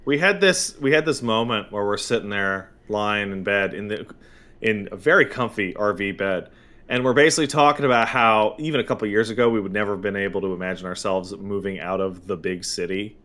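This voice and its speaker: A man's voice: on the low side, fairly quick. A man from Montreal with a Canadian accent, telling stories animatedly as a podcast host. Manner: animated, jokey storytelling. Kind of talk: casual podcast chat.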